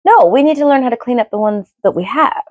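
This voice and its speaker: A middle-aged woman co-hosting a podcast, chatting in a rambling, opinionated way, with sudden jumps in pitch. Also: animated, fast, a little mellow, no echo, muffled recording. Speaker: podcast co-host. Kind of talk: casual opinionated chat.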